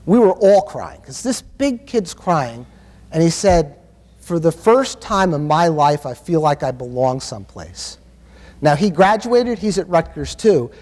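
A man's voice: on the high side, very animated, unhurried, darkish tone. A man giving a conference keynote, telling stories in an emphatic, impassioned way. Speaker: keynote speaker. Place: university conference hall. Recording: long hall reverb.

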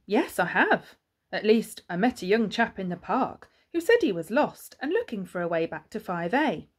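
A woman's voice: medium pitch, sing-song, moderate pace, slightly rough. A woman voicing a kind, polite male neighbour hedgehog in a storybook, sounding reassuring.

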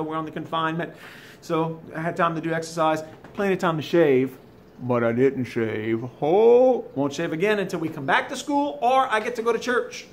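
A man's voice: on the high side, a little hiss or hum. A man teaching a French lesson in a recorded video, chatty, with folksy asides, recording from home. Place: home, during school closure.

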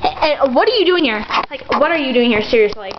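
Excitable high-voiced teen girl. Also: fast talker. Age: teens. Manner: excitable, bossy. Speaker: homeowner interviewing the hobo. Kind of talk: homemade comedy skit. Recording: muffled home video with loud hiss.

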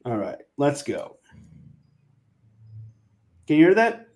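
A man's voice: on the high side, wildly swooping pitch, slow pace, a little mellow. A man co-hosting a podcast, dry and patient while he sorts out clips and audio during casual banter. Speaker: podcast co-host.

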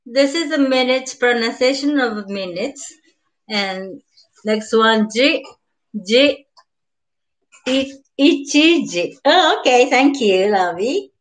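An older woman with a Japanese accent teaching beginners, slowly repeating each word, greeting viewers and laughing often. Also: fairly high pitch, animated. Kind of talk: live-streamed beginner language lesson.

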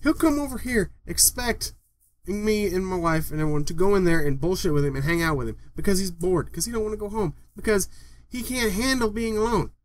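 Man, young, high voice, ranting vlog, swears constantly, bursts into yelling, bedroom mic. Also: brisk. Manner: ranting, swears a lot, loud outbursts. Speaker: vlogger. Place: home bedroom. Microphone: desktop microphone.

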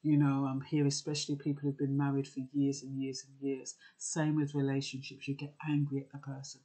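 A man's voice: medium pitch, completely flat delivery, a little fast, hardly any pauses, mellow. A man giving earnest, conversational advice, with frequent fillers and restarts. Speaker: advice vlogger. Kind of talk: casual advice talk.

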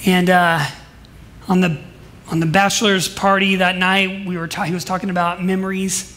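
A man preaching a sermon in a church service, telling stories emphatically and swinging between soft asides and loud declarations. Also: sits high, little pitch movement, normal speed. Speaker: pastor.

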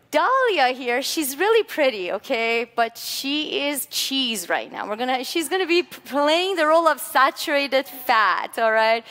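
A woman giving a lively, playful classroom lecture, coaxing volunteers into a demonstration. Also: high voice. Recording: long hall reverb.

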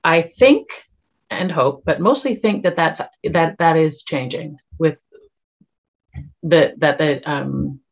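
Canadian actress on a podcast, husky voice, thoughtful and hesitant, dull lo-fi audio. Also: female voice, low voice, takes it slowly. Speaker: guest actress. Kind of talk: casual interview chat.

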